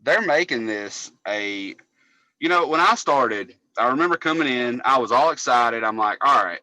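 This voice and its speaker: A man's voice: medium pitch, lively intonation, moderate pace, bright, forceful tone, no echo, rough recording. A man, co-hosting a casual podcast and telling long, profane stories. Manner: profane, rambling storyteller. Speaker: podcast co-host, cable technician.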